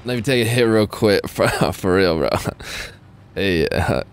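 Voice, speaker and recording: A man's voice: fairly low pitch, moderate pace, clean tone. A man with a Californian accent giving casual, joking commentary on a live game stream, laughing often.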